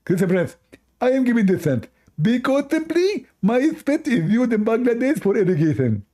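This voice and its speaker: A man voicing a boastful character who brags in a high, indignant voice and insists he doesn't spit. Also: big pitch swings, normal speed, dark tone.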